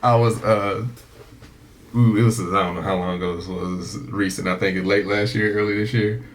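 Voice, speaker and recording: A middle-aged man co-hosting a podcast, telling stories in a rambling, halting way with many fillers. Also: lowish voice, fairly even intonation, slight background noise. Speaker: podcast co-host. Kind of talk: casual chat.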